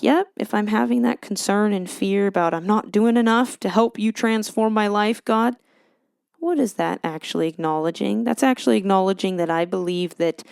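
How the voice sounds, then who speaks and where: A woman's voice: medium pitch, creaky, no room sound, clean studio sound. A young woman hosting a casual solo podcast, chatty and self-mocking, drifting into a joking drawl when she prays aloud. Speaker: podcast host.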